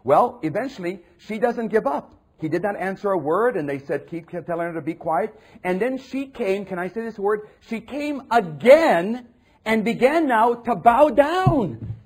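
A male pastor preaching with a husky, slightly raspy voice that sits a little high for a man. His delivery swings widely in pitch as he reads passages aloud and acts out the people in them. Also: big pitch swings, measured pace, a little mellow. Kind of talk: sermon.

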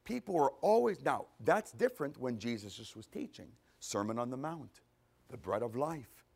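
A man preaching a conversational sermon, animated, asking rhetorical questions and answering them himself. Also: mid-range voice, normal speed, gravelly, breathy edge. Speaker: pastor.

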